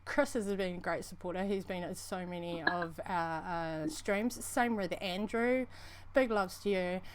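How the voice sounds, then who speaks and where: A woman's voice: fairly low pitch, a little slow, noisy background. Chatty New Zealand woman livestreamer. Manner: rambling, chatty, calls people honey, laughs often. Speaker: livestream co-host. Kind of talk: casual livestream chat.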